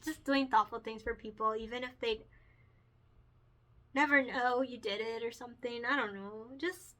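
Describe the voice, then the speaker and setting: Woman picture book author, casual vlog chat, giggly and emotional, bright tone. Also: a little high, steady tone, normal speed.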